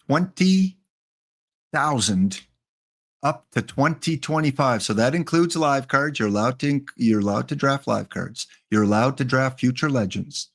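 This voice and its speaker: A man hosting a live game stream, chatting casually with viewers by name and reading out the rules. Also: mid-range voice.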